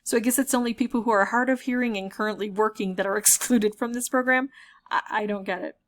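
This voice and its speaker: A woman's voice: on the high side, steady tone, fast talker. A woman who makes gaming videos, giving playful, wry commentary with an amused, explanatory manner. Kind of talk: playful commentary reading chat messages aloud.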